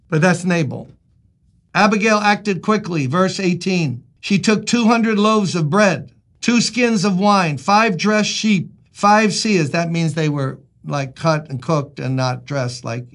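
A male pastor preaching a sermon in an emphatic, conversational way, asking his listeners rhetorical questions. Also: sits high.

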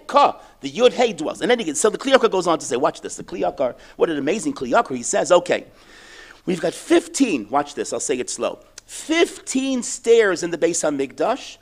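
A man teaching a Torah class, lively, asking questions and answering them himself. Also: on the high side. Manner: animated, asks and answers his own questions.

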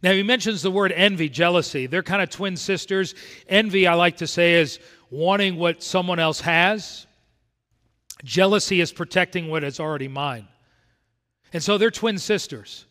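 A man's voice: high-pitched, moderate pace, bright, forceful tone. A man preaching a sermon as pastor, emphatic and repeating his key points. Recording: long church hall reverb.

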